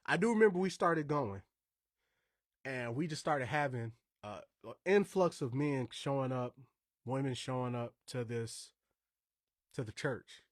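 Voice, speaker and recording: A man's voice: medium pitch, lively intonation, measured pace, no echo, studio quality. A man from Indiana hosting a podcast, telling stories in a casual, emphatic way with rambling asides. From Indiana, USA. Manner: emphatic, conversational, wandering asides. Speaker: podcast host.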